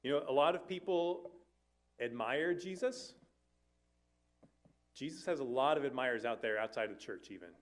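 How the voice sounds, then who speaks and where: A man's voice: medium pitch, normal speed, long pauses. A man, a family life minister, preaching an earnest sermon to a church, with conversational asides and occasional self-corrections.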